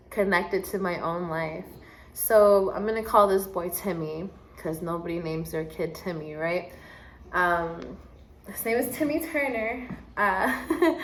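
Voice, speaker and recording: A woman's voice: mid-range voice, a bit bright, a little hiss or hum, low-quality recording. A young adult woman mentoring children, hosting a casual personal monologue, speaking candidly and animatedly with casual swearing. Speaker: podcast host and youth mentor.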